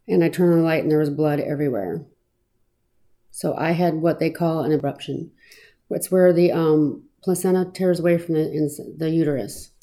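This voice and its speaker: Low, mellow-voiced woman telling her story. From Arizona, US. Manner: earnest, reflective, slightly halting with fillers. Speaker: storyteller recounting her own past. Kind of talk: personal testimony, reflective storytelling.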